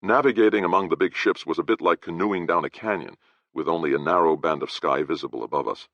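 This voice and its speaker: A man narrating an audiobook in first person with measured storytelling, in a dry, slightly dull recording. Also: deep voice, fairly bright tone, dry recording.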